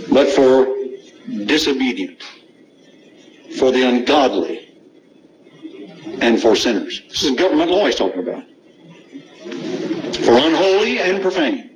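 A man's voice: on the high side, background noise. A middle-aged man, preaching a sermon, reading scripture with emphasis and asking the congregation rhetorical questions.

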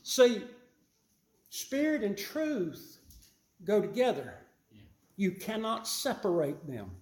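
Emphatic high-voiced preacher in an echoey room. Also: male voice, wildly swooping pitch, takes it slowly, a little mellow. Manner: emphatic, repeats key phrases, rises in pitch and volume on points. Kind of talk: sermon.

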